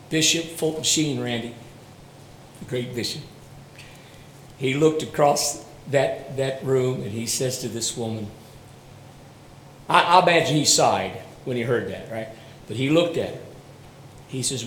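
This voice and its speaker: A man preaching a sermon, swinging between loud proclamations and hushed, slow storytelling. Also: a little high, expressive, echoey room, a little hiss or hum, low-quality recording. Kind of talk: sermon on a broadcast program.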